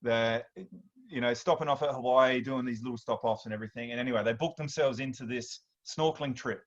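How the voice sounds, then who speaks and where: A man in his thirties with an Australian accent, hosting a workshop and telling stories in a chatty, animated way, often restarting his sentences. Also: mid-range voice, fairly quick, dull audio. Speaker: workshop host. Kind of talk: casual storytelling talk.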